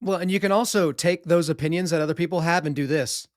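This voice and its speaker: A man's voice: on the high side, fast, no echo, studio quality. A man in his thirties hosting a podcast interview, chatty and friendly, often adding short agreements. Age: 30s. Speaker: podcast host. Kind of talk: casual conversational interview.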